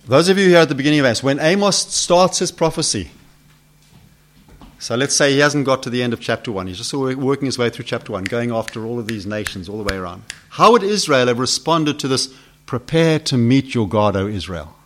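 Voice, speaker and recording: Guy preaching a sermon, gets loud then goes real quiet, keeps asking the room stuff. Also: mid-range voice, animated, fast talker. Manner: dramatic swings from loud to hushed; asks the congregation questions.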